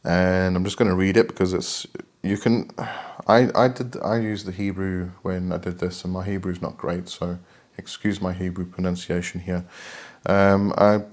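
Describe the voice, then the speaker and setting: A man's voice: sits low, level tone, measured pace, darkish tone. A man giving a casual spoken lesson on a ritual, hesitant with many fillers, sometimes reading passages aloud from a book. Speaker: occult teacher. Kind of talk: casual instructional talk.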